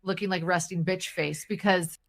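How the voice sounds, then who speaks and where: A woman's voice: on the low side, fairly even intonation, normal speed. A woman chatting on a livestream, rambling and circling back over the same points in a casual way. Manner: rambling, repeats herself, talks through anxiety. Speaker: livestream guest.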